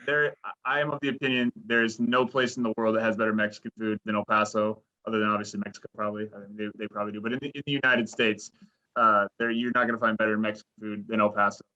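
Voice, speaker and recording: Man, podcast guest, bright forceful voice, rambling, dull lo-fi audio. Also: on the low side, flat delivery, fast talker. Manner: rambling, full of likes and restarts. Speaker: sports director and reporter, podcast guest. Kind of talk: casual interview chat.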